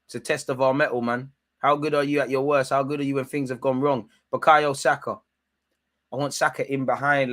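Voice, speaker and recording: A young man doing live match reaction for his fans, loose and slangy. His voice sits at an ordinary middle pitch and keeps jumping up into shouts when he argues with the referee. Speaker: football watchalong host.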